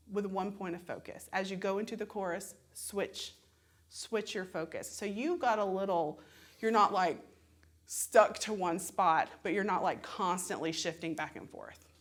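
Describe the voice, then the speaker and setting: A woman with a Southern American accent teaches audition etiquette in a relaxed, conversational way. She chats and laughs easily, slipping into short acted-out examples to make her points. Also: medium pitch. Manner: chatty, laughs often, acts out examples. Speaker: voice and musical theatre instructor.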